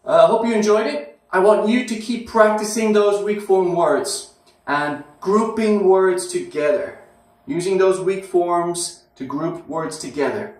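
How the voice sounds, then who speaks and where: A fairly high-voiced man teaches pronunciation at a slow, careful pace, repeating each phrase so learners can copy it. His voice rings through a very echoey room, and the mic sits some distance away. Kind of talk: slow, drilled pronunciation lesson.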